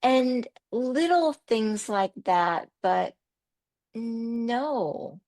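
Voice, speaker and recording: A middle-aged woman telling personal stories in an animated conversational way, repeating words for emphasis. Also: a little high, drawn-out words. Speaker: podcast host as interview guest. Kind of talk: conversational storytelling.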